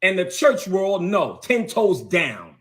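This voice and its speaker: Man, bishop, heated rant, high voice, very animated, confrontational, repeats words. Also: slow pace.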